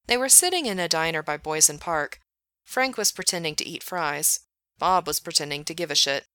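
A woman narrating a fiction audiobook in a steady, matter-of-fact reading. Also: deep voice, brisk, no room sound. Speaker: reader.

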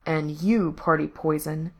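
Woman doing a creepy soft-spoken bad guy, low quiet growl, cruel and cold. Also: steady tone, a little slow, husky, heavily acted. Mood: growling threat.

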